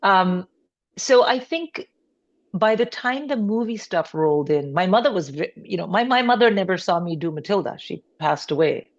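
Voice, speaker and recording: A low-pitched middle-aged woman talks as a comedy podcast guest. She tells family stories with animation and casual swearing, slipping into her relatives' voices. The sound is a bit dull and lo-fi. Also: animated, moderate pace. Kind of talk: podcast interview storytelling.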